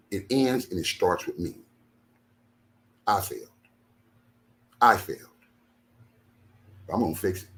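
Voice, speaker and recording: This is an impassioned address from a minister to his followers. His voice is low and emphatic, he keeps repeating phrases, and he moves between hushed stretches and sudden loud outbursts.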